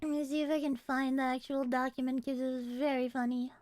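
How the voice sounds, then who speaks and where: A young adult woman streaming and chatting casually, excitable and quick to swear. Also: sits high, dry recording. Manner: excitable and profane, swears freely. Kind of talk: casual livestream chat.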